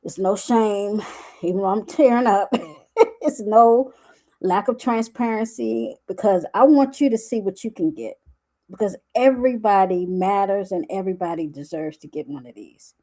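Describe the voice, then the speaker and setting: A woman, talking live to her viewers as a wellness coach, emotional and tearful, with halting restarts. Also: mid-range voice, dark tone. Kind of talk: live-stream vlog.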